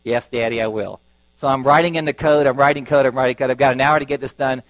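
A man's voice: mid-range voice, rapid-fire, dry recording, poor audio. Man preaching a storytelling sermon. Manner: storytelling, acting out voices with lively shifts.

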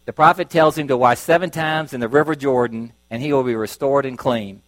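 A man's voice: mid-range voice, fairly quick, no room sound, rough recording. A middle-aged man preaching a sermon, telling stories and acting out voices as he goes. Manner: storytelling, acting out voices with lively shifts.

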